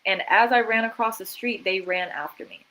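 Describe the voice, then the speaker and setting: A woman's voice: medium pitch, fairly even intonation, a little fast, bright, forceful tone, rough recording. A woman guest on a livestream interview, retelling events vividly and dramatically, quoting her own thoughts. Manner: vivid, dramatic retelling with quoted inner voices. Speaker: guest, artist and author.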